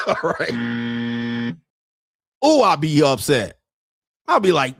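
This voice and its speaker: A man's voice: medium pitch, extremely slow, long pauses, dry recording. A man in his forties hosts his own show in an unfiltered, comic rant, his voice sitting in a middle register. The sound is dry and close, with no room around it. He curses freely, laughs at his own stories and jumps into voices as he acts out little street encounters. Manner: profane, animated, laughs often, acts out street exchanges. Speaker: podcast host. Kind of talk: unfiltered comedic commentary.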